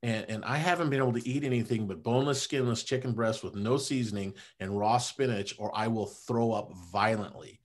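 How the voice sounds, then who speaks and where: Male chiropractor guest, mid-pitched, chatty storyteller, animated and informal. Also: brisk, few pauses. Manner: animated, conversational, drops "man" and "you know" often. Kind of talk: casual personal storytelling.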